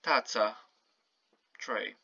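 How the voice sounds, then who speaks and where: Slow gravelly man teaching pronunciation. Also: fairly low pitch, pushed and bright, no room sound. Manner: slow, patient, repeats words to model pronunciation. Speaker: Polish language teacher. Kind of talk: casual spoken language lesson. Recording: dull lo-fi home recording.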